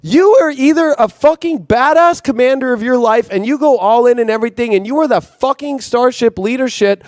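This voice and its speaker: A man hosting an impassioned astrology monologue, intense and profane, circling back on his own phrases. His voice sits very high for a man. The sound is dry and close. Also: a little fast, few pauses, darkish tone, dry recording. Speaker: astrologer host.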